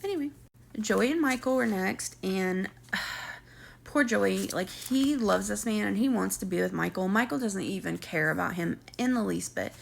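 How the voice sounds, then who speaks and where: A woman's voice: mid-range voice, expressive, moderate pace, gravelly. A woman, casually recapping a reality show, chatty and sarcastic, acting out what people said. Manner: chatty, sarcastic, acts out quotes.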